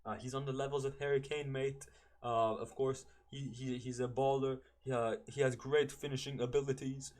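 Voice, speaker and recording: A man's voice: medium pitch, flat delivery, normal speed, a little mellow, lightly acted. A man doing a clumsy English commentator impression. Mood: mock-chummy. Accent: attempted English accent. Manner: clumsy impression, stammering and repeating "mate". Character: mock English football commentator man, chummy.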